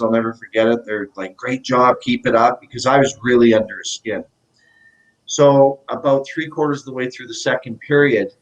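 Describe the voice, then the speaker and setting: Middle-aged former athlete guest, casual storyteller, acts out quotes. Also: male voice, mid-range voice, lo-fi sound. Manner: animated anecdotes, acts out quotes. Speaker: guest, former pro hockey player.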